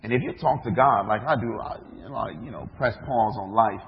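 A man's voice: fairly low pitch, fairly quick, background noise. A man, a minister, preaching a sermon, telling a story with acted-out dialogue and rhetorical questions. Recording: dull echoey hall recording.

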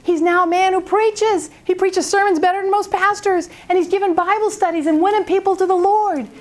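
A woman speaking at a prayer seminar, telling a story in an animated way and acting out its people. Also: very high voice, fairly quick.

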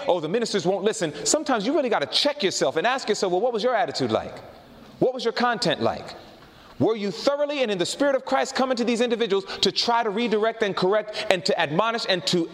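Animated male preacher in a reverberant hall. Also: high voice. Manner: animated storytelling, slowing down for emphasis. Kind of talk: sermon.

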